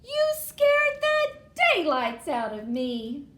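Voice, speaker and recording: A squeaky, swooping little old lady from a storybook who gasps and exclaims but scolds with firm authority, as a woman reader puts her on. The voice sits high and leaps widely in pitch. The sound is roomy, with echo around it. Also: wildly swooping pitch, takes it slowly, a bit bright, soft background music, heavily acted. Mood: startled. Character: tiny, fussy old woman, easily startled but firm.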